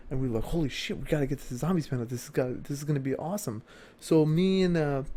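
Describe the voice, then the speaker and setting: A young man, a gaming YouTuber, telling an animated story in a casual vlog, fast and full of swearing, with bursts of shouted excitement. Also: mid-range voice.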